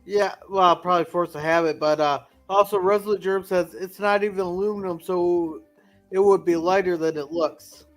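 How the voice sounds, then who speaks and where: Male co-host, high-pitched, casual chat, quick agreements and jokes. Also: fairly even intonation, soft background music. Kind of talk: casual episode commentary.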